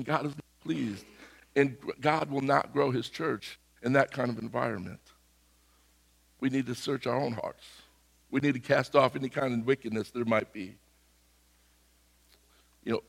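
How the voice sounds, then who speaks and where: A middle-aged man preaching a sermon, with a slightly hoarse voice and a conversational, animated way of telling stories. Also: medium pitch, big-room sound. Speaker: pastor. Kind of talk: sermon with personal story.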